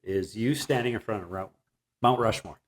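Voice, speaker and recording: A man with a Canadian accent hosting an interview show, chatting casually and telling stories with quick reactions. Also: fairly low pitch. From Ontario, Canada. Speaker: podcast host.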